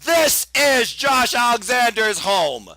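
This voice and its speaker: A man calling a wrestling match live, in rapid, excited play-by-play. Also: extremely high pitch, rough recording. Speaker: play-by-play commentator. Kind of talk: live wrestling watch-along commentary.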